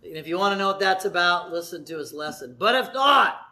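Brief: middle-aged male pastor, chatty and jokey, higher voice, speaks in a church. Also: quick pace, sharp tone. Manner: chatty and jokey, laughs often. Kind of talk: sermon with church announcements. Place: church sanctuary.

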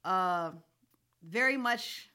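Woman, podcast co-host, bright tone, frank and expressive. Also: mid-range voice, smooth. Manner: candid, expressive, quick asides. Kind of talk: casual chat.

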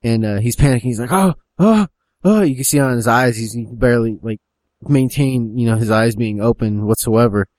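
A man's voice: mid-range voice, steady tone, a little fast, a little mellow, dry recording. A man casually telling a story, rambling with lots of fillers.

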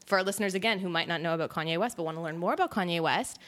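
A woman hosting a podcast, chatting casually about music with a co-host, laughing often and tossing in quick asides. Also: lowish voice, fairly bright tone. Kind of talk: casual chat.

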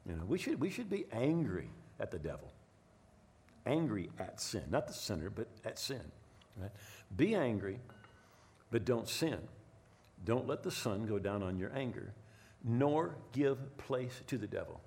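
A middle-aged man preaching a sermon, telling a personal story with lively asides and frequent "right?" checks. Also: mid-range voice, measured pace, gravelly. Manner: animated storytelling, repeats words, asks "right?". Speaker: pastor.

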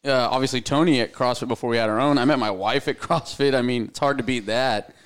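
A man's voice: mid-range voice, fast, clean tone. A man chatting as a podcast guest. His talk is loose and rambling, full of restarts and easy laughter. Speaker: podcast guest, gym co-owner. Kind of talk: casual chat.

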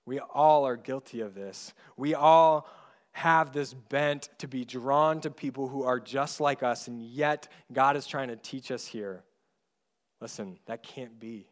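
Earnest preaching man, swelling and softening. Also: mid-range voice. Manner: earnest preaching, rising loud on key points and dropping soft and slow on tender ones. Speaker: pastor. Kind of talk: sermon.

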